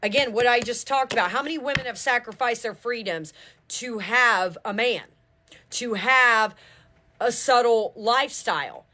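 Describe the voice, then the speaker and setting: A woman's voice: a little high, moderate pace, bright, forceful tone. A woman giving a tarot reading in an urgent, preaching way, often asking if listeners understand and swearing casually. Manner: fervent, preachy, repeats "do you understand". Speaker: tarot reader.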